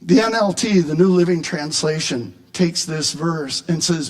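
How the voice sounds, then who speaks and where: Male pastor with a high voice, delivering an animated, emphatic sermon that rises to shouts. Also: normal speed, few pauses.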